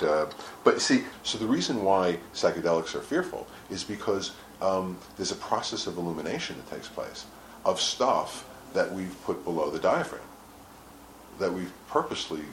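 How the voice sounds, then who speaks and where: A man talking casually as an interview guest, telling animated stories, acting out quotes and swearing freely. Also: low-pitched, normal speed. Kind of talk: casual explanatory talk. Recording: echoey room with faint noise.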